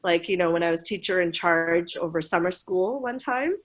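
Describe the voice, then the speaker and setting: Lively woman telling school stories. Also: fairly low pitch, normal speed. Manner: animated, laughing, voices quoted people. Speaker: school administrator guest. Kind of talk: casual interview storytelling.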